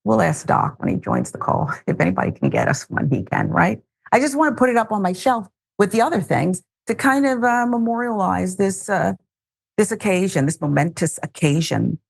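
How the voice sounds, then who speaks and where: A woman's voice: mid-range voice, sing-song, moderate pace, gravelly, husky. A woman hosting a news commentary show, reading headlines casually with wry, joking asides.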